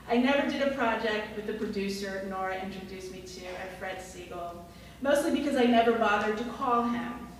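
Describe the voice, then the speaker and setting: A woman's voice: medium pitch, distant mic, slight background noise. A woman reading a personal essay aloud to an audience at a live event, in a dry, wry way. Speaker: storyteller. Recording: echoey room, mic heard from afar.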